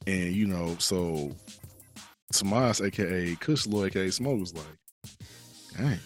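Man, low voice, slangy, animated storyteller, faint music behind. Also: measured pace, pauses often. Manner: animated, slangy, acts out characters' lines. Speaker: podcast co-host. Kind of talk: casual retelling of a game story.

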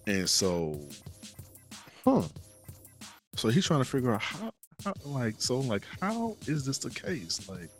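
A man's voice: medium pitch, huge pitch swings, takes it slowly, long pauses, faint music behind. A man co-hosting a podcast, casually retelling a game's story in slangy talk and acting out the characters' lines. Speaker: podcast co-host.

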